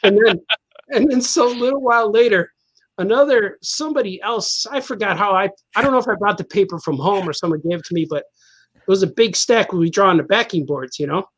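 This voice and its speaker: A man's voice: high voice, a little fast, fairly bright tone. A man, a cartoonist guest on a podcast, telling a casual anecdote, laughing often and acting out the people in his story.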